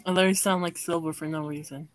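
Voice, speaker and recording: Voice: mid-range voice, steady tone, fairly quick, crowd noise. A speaker in a casual voice chat who makes blunt, dismissive quips.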